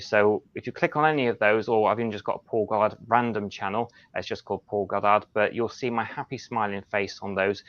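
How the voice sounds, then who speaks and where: A man's voice: fairly low pitch, dry recording, highs cut off. A man hosting a casual live paranormal chat stream over a video call. He talks chattily, thanks people often and stumbles over repeated words.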